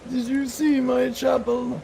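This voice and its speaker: Man doing a high-voiced, gravelly elderly priest, solemn; crowd chatter in the back. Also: flat delivery, unhurried, exaggerated voice. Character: solemn old male village priest.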